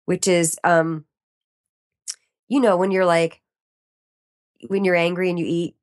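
Lively, laughing woman podcast guest. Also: fairly low pitch, slow pace, pauses often. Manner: chatty and animated, laughs often, acts out her own reactions. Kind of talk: casual interview chat.

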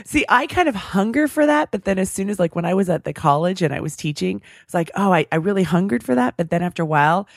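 A woman hosts a podcast interview, thinking out loud and encouraging her guest. Her voice is low for a woman. The recording is close and dry. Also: quick pace, creaky, few pauses, no room sound. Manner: reflective, encouraging, frequent affirming murmurs. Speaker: podcast host. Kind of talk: casual interview chat.

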